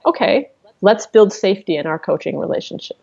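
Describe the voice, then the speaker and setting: A woman's voice: mid-range voice, lively intonation, a little fast, creaky, darkish tone, dull audio. A woman coach speaking as an interview guest, explaining her methods candidly and swearing casually.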